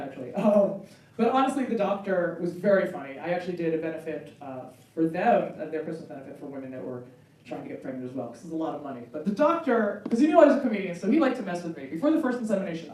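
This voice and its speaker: A woman in her forties doing a stand-up comedy set, animated and acting out bits in high squealing voices. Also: a little hiss or hum. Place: comedy club stage. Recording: roomy club with loud crowd laughter, from far off.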